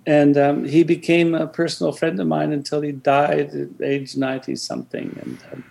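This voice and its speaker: A man's voice: fairly high pitch, lively intonation, moderate pace, vocal fry, darkish tone. An older man as an interview guest, reflecting on his past in a hesitant storytelling way, with many restarts.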